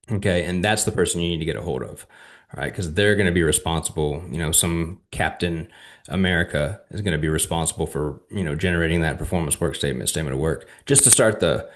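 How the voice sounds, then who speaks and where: A man hosting his channel, explaining government contracting in a casual, conversational way and often checking in with "all right?". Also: deep voice. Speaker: channel host and defense contracting advisor. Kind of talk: casual instructional talk to viewers.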